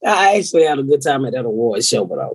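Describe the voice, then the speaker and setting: Husky, foul-mouthed woman telling stories. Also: extremely low pitch, fast, no echo. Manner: profane, storytelling with animated quoted voices. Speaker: podcast host. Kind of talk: casual chat.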